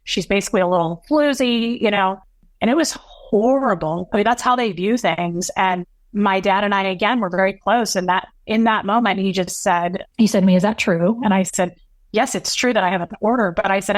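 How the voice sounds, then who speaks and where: A woman guest in an interview, recounting a painful personal story in a halting, emotional, long-winded way. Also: medium pitch, no room sound.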